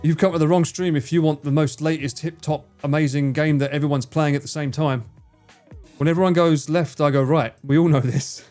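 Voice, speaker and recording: Casual male streamer, a touch high-pitched, loose, sweary banter with chat. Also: steady tone, fairly quick, a little mellow, soft background music. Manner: chatty, swears freely, teasing banter. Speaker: livestreamer. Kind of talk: casual livestream chat, reading chat.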